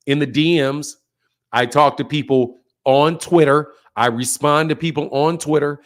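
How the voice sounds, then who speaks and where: A man hosting a boxing livestream, ranting at viewers in a profane, confrontational and animated way. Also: on the high side. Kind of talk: heated livestream rant.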